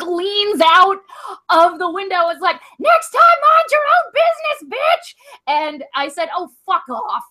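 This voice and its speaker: Young woman podcaster, rambling storyteller, bright voice pitched on the high side. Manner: rambling, full of likes and ums. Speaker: comedy podcast co-host. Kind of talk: casual storytelling chat.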